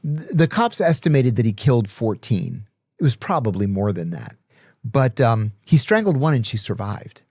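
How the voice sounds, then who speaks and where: A man's voice: mid-range voice, normal speed, no room sound, clean studio sound. A middle-aged man, a podcast guest, telling stories in casual conversation and acting out the dialogue. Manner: animated storyteller, acts out dialogue. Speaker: podcast guest, former intelligence officer. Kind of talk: casual storytelling.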